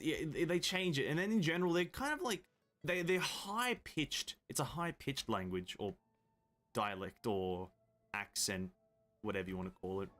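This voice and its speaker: A man with an Australian accent chats loosely while he plays, wandering between thoughts and restarting his sentences. His voice sits at an ordinary middle pitch, close to a desk microphone, with the occasional casual swear. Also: fairly bright tone. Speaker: game streamer. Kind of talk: casual chat while gaming.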